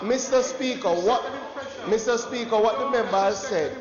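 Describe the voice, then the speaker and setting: Insistent Jamaican MP raising an objection. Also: male voice, high voice, normal speed. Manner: insistent, combative. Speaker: member of parliament raising a point of order. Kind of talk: parliamentary objection. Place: large parliament chamber. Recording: dull echoey chamber audio with crowd murmur.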